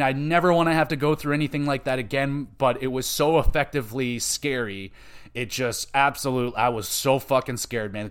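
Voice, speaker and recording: A man hosting a gaming podcast, talking casually and excitedly, swearing a lot and acting out his own startled reactions with sudden loud outbursts. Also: medium pitch. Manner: excitable, profane, swears constantly. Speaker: podcast host.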